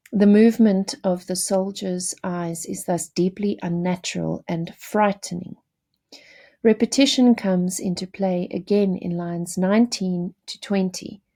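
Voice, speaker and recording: A woman delivers a recorded literature lesson in a measured, explanatory way, pausing now and then to correct herself. Her voice has a gravelly edge and a dark, mellow tone. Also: fairly low pitch. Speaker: teacher.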